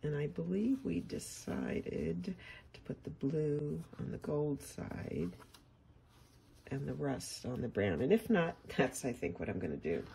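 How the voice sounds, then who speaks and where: Chatty woman with a low, gravelly voice. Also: lively intonation, measured pace, dark tone, slight background noise. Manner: chatty, talks to viewers while working. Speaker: quilting instructor. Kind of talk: casual sewing tutorial.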